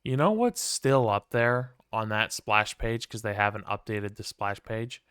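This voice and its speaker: Male streamer, bright clear voice, profane wry ranting over gameplay, dry close mic. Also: on the low side, unhurried, no room sound. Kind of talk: casual gameplay commentary.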